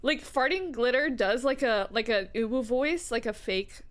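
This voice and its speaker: A woman's voice: a little high, animated, normal speed, crowd noise. A young woman streamer chatting casually while playing a game, rambling and swearing as she goes. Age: young adult. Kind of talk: casual chat while gaming.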